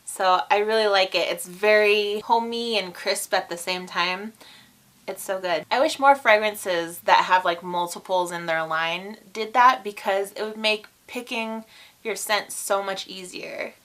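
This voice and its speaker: A woman of about thirty chatting casually to camera as a vlogger, bubbly, with quick asides. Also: medium pitch, a bit bright.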